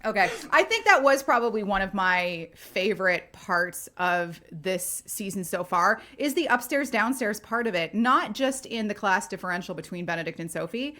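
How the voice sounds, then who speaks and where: A woman's voice: mid-range voice, normal speed, few pauses. Chatty woman co-hosting a podcast. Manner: chatty, animated, swearing freely. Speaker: podcast co-host. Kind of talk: casual chat.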